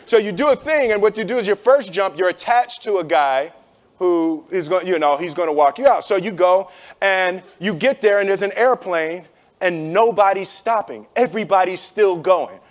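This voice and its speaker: High voiced guy spinning a story for a crowd, laughing a lot and doing voices. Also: moderate pace. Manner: animated, acts out voices, laughs often. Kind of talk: storytelling talk to an audience.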